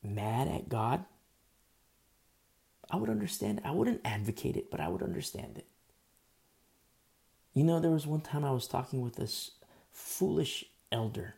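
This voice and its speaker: A man preaching a sermon in an emphatic, conversational way, swinging from loud bursts to hushed asides. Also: mid-range voice, animated, moderate pace, creaky.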